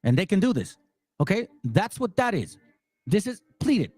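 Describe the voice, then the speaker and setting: A man's voice: high voice, very animated, normal speed, a little mellow, no room sound. A man hosting a commentary channel, delivering a heated, profane, mocking monologue full of repetition. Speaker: religious commentary channel host.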